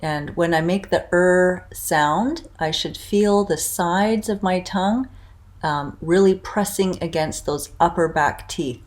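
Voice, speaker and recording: A woman with a Canadian accent teaching pronunciation, demonstrating each vowel sound clearly and repeating it several times. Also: on the low side. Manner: demonstrates sounds by drawn-out repetition. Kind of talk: slow, clear pronunciation lesson.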